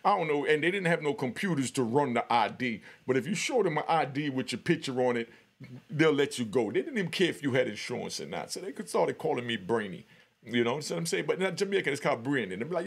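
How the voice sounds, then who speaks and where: Gravelly-voiced man telling a story. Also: medium pitch, sing-song, fast. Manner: frequent "you know what I mean", laughing asides. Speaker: podcast host. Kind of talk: storytelling monologue.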